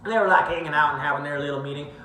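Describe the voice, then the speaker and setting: Young male vlogger, high bright voice, loose profane storytelling, echoey room. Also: racing. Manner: profane, rambling, slips into put-on accents. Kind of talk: casual storytelling recap.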